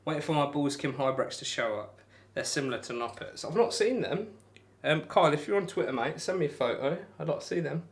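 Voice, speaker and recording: A man's voice: fairly high pitch, expressive, brisk, hardly any pauses. Chatty young man streaming darts. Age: young adult. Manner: rambling, self-deprecating, reads out and answers chat. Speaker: darts livestreamer. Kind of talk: casual live-stream chat while throwing darts.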